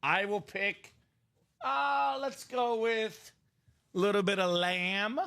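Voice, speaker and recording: A young man hosting a live sports card break, hyping items and bantering with viewers in quick sales patter. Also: high voice, vocal fry. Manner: energetic, shouts and jokes with viewers.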